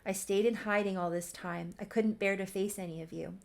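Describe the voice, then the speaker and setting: A tearful young woman, guilt-ridden and anxious, pleading earnestly for forgiveness, as a woman puts her on while retelling a life-sim soap opera. Her voice carries a gravelly fry. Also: mid-range voice, fairly even intonation, brisk, close to an everyday voice.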